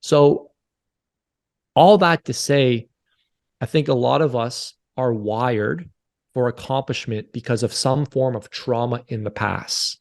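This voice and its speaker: A man in his forties with a slow, gravelly, slightly mellow mid-range voice. He's a podcast guest telling a personal story candidly, earnest and confessional, and he often repeats his phrases.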